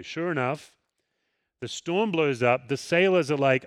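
Man preaching a lively conversational sermon. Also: fairly high pitch, measured pace, no room sound, clean studio sound. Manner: conversational, animated storytelling with acted quotes. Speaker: pastor.

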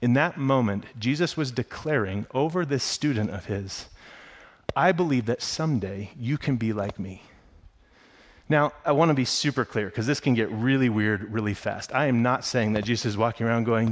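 A man preaching a sermon. He tells the story with excitement and acts out the characters' lines in a higher voice. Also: moderate pace. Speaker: pastor.

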